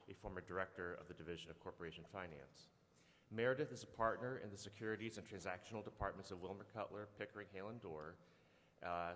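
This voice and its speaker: A man's voice: deep voice, a bit bright. A man hosting a conference, introducing the panel in an upbeat, announcing manner. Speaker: conference host. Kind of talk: scripted event introduction. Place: large conference hall. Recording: hall reverb.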